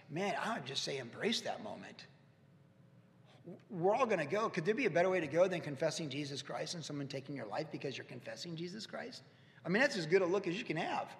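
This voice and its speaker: A man in his fifties preaching a heartfelt, storytelling sermon, his voice gravelly and a little higher than most. He talks with sincere pauses and restarts. The sound carries the long echo of a church hall. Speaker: pastor. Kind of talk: conversational sermon. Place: church sanctuary.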